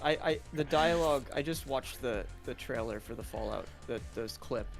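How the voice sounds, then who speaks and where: A man of middle pitch rambling through a casual podcast chat, restarting his sentences as he goes. Faint music plays behind him. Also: normal speed, gravelly. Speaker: podcast co-host.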